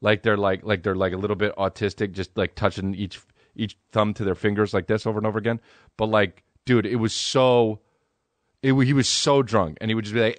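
A man's voice: fairly low pitch, level tone, a little fast, no echo. A young adult man hosting a podcast, telling rambling comedic stories in a laid-back, profane way. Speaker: podcast host. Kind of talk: comedic storytelling monologue.

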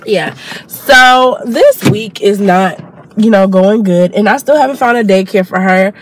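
A woman's voice: mid-range voice, unhurried. A young woman, a new mother, chatting casually to her vlog camera while she has a cold. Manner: chatty, addresses viewers as y'all.

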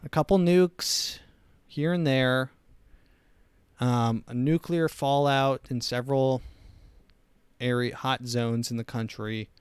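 A man's voice: medium pitch, fairly even intonation, slow pace, long pauses, clear, resonant tone, dry recording, studio quality. A young man hosting a comedy podcast, rambling through opinionated, sarcastic riffs in a casual monologue. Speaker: podcast host.

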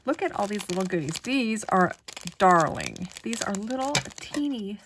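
A woman chatting casually as she unboxes a package of craft supplies, gushing with delight and often dropping to a soft whisper. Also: medium pitch, animated, moderate pace, slight background noise. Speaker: crafting vlogger.

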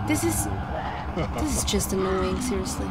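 A woman's voice: mid-range voice, sing-song, a little slow, very noisy. A young woman commentating her video game play casually, frustrated and swearing often at the game. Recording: game music behind the voice.

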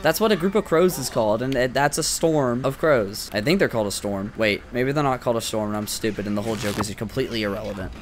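A young adult man giving excitable, profane, joking let's play commentary as a gaming YouTuber. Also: medium pitch, fast, few pauses, noisy background.

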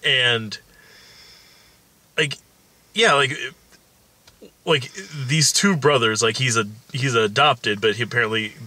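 A man's voice: medium pitch, slow pace, pauses often, sharp tone, dry recording. A man co-hosting a casual film review, rambling with lots of fillers and casual swearing.

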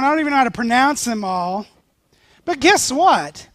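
Pastor, male, higher voice, dry close sound, animated storytelling sermon. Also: moderate pace, no echo.

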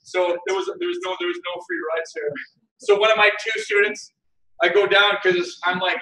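A man giving a keynote talk, telling funny stories about himself with animated delivery and frequent laughter. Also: high voice, normal speed, a little hiss or hum. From Canada. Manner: animated, self-mocking, laughs often. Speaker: keynote speaker. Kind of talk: humorous storytelling keynote. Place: conference hall. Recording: echoey hall, mic at a distance.

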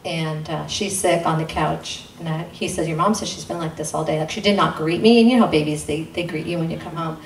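A woman telling a personal testimony at a church gathering, in an earnest way, acting out the dialogue with sudden jumps in pitch. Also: steady tone, fairly quick, hardly any pauses. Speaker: guest speaker sharing testimony. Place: intimate church gathering room. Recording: roomy sound from a distant mic, faint noise.

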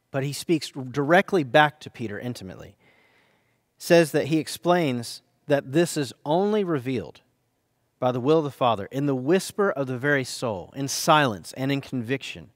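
A man preaching a sermon as pastor, reading scripture dramatically with earnest, hushed and emphatic turns. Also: mid-range voice, no room sound, studio quality.

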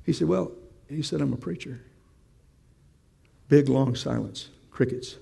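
A man's voice: mid-range voice, a little slow, creaky, warm tone, husky, long reverb tail. A man preaching a sermon, telling a story and asking the congregation questions in a conversational way.

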